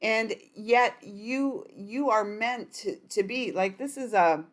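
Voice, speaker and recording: A woman reading oracle cards for her viewers in a gentle, reassuring voice. She sounds softly encouraging and affirming, and her voice sits in a middle range for a woman. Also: medium pitch, slow pace. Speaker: oracle card reader. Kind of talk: spiritual card reading to camera.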